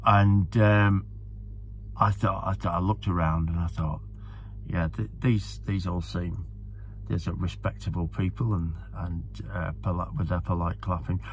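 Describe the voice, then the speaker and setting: A man's voice: sits low, fairly even intonation, unhurried, a little hiss or hum. A man talking casually to camera, enthusiastic and rambling, often repeating himself as a horse racing tipster.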